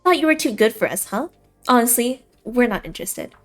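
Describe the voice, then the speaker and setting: A fierce, protective young woman from a visual novel, voiced by a woman reading it aloud. She sounds scornful and confrontational, in a fairly high voice. Faint music plays underneath. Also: expressive, fairly quick, natural voice.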